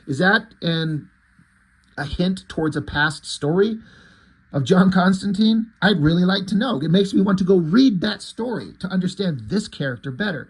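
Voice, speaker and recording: A man casually reading through a comic and commenting on it as he goes. He is enthusiastic, swears freely and thinks out loud. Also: high-pitched, expressive, normal speed, slightly rough. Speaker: comic book reviewer.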